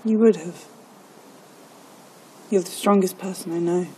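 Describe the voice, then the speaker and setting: An actress playing a composed young noblewoman in a TV drama, speaking in a measured, reserved way. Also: on the low side, steady tone, dark tone, slight background noise, close to an everyday voice, poor audio. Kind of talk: TV drama dialogue.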